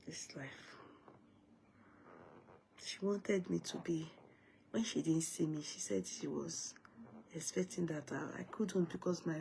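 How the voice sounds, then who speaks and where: A grieving woman with a Nigerian accent, talking to viewers on a late-night livestream in a halting, subdued way and often breaking off mid-sentence. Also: on the low side, vocal fry, warm tone, slight background noise.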